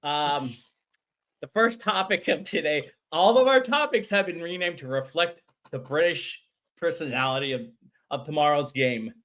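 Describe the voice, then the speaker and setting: A man hosting a casual football podcast, lively and playful, chatting with his co-hosts. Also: a little high, moderate pace. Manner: lively, hamming up mock British titles. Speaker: podcast host. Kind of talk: casual sports podcast chat.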